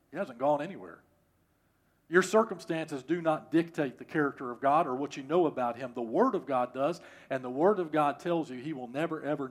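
Emphatic preacher, man, slightly high voice. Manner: emphatic, repeats phrases for stress. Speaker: pastor. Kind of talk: sermon.

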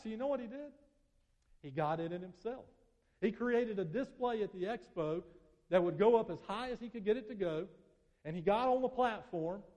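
A male pastor preaching a sermon, telling a story and leading prayer, swinging from loud emphatic peaks to soft hushed appeals. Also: high-pitched. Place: church sanctuary. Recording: dull sound, long hall reverb.

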